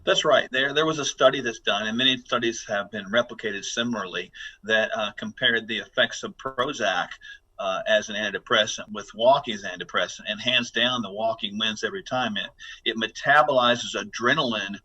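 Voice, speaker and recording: A man's voice: lowish voice, brisk, bright, forceful tone, slightly rough, rough recording. A man giving instructive, emphatic advice on a podcast interview, often repeating words as he starts a sentence. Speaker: guest wellness speaker. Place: office building.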